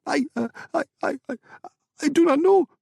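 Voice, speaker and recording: A man's voice: very high voice, normal speed, creaky, a little mellow, dry recording, studio quality, pitched above the performer's own voice, exaggerated voice. A man voicing a stammering, terrified shop owner. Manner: stammering, begging. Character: terrified middle-aged male shop owner, pleading.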